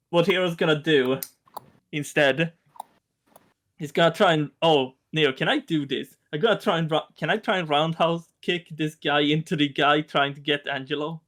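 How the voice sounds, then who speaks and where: A man's voice: on the high side, measured pace, long pauses, fairly bright tone. A man playing in a tabletop game who thinks aloud hesitantly as he plans his moves. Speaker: player. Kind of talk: casual tabletop play.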